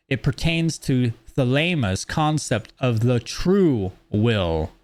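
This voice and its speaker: A man lecturing in a measured, explanatory way, reading out principles and then commenting on them. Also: medium pitch. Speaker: teacher. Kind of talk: lecture on esoteric teachings.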